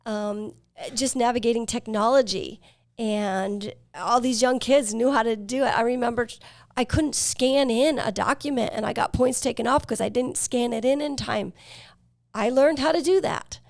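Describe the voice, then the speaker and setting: Woman, 50s, podcast host, earnest reflective storytelling, gravelly fry, dry close mic. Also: on the high side, darkish tone, no room sound. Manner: earnest, reflective, with fillers and pauses. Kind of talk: personal storytelling.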